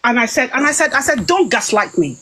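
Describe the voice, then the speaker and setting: A British woman recounting a dispute in an animated, casual account, quoting herself and others with frequent restarts. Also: fairly high pitch, fairly quick, low-quality recording. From Britain.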